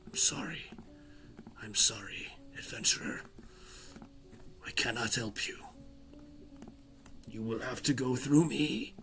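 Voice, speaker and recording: A man's voice: medium pitch, slow, pauses often, a bit bright, faint music behind. Man doing a scratchy whispering undead spirit. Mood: mournful. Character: sorrowful undead male guardian spirit, bound. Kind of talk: whispered role-play.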